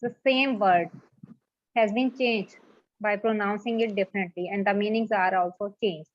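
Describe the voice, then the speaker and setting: A woman's voice: medium pitch, steady tone, normal speed. A woman teaching an English pronunciation class, repeating points and checking in with "okay". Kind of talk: online class lecture. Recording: dull lo-fi dry sound.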